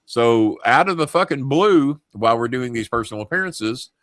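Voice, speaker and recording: A man's voice: medium pitch, lively intonation, normal speed, a bit bright, no room sound, clean studio sound. A middle-aged man hosting a talk show, telling a story in a rambling, profane, self-interrupting way. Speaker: host. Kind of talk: casual storytelling.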